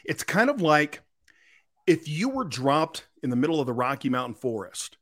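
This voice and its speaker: Real estate guy on a podcast, excited storyteller, slightly high voice. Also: normal speed. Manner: energetic storyteller, repeats words. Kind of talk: casual podcast chat.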